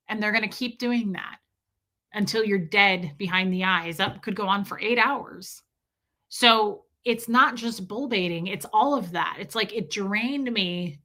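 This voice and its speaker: A woman's voice: mid-range voice, sharp tone. A woman hosting a casual livestream, talking to her viewers in a rambling way, trailing off and restarting her sentences. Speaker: livestream host reading viewer comments.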